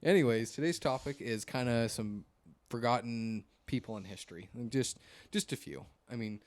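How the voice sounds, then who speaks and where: A man's voice: mid-range voice, moderate pace, dry recording. A young man hosting a casual podcast chat, rambling with many fillers and hesitations. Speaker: podcast host.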